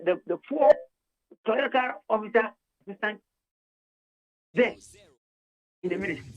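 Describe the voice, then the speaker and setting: An older Ghanaian man speaks as a union leader on a radio talk show, repeating himself for emphasis and slipping between English and Twi. His pitch swings widely as he presses his case. The sound is dull and lo-fi, like a narrow line.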